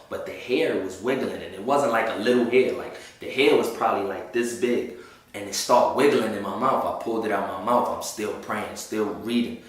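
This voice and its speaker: A man's voice: lowish voice, a bit bright, distant mic. A man telling a personal faith testimony in a casual storytelling way, full of slang and with acted-out voices of the people in it. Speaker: testimony speaker. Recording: very echoey room.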